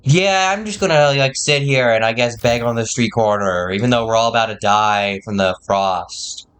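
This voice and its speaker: A man's voice: medium pitch, normal speed, a bit bright, clear, resonant tone, lightly acted. A man putting on a mocking, whiny drawl as a lazy male citizen shirking work.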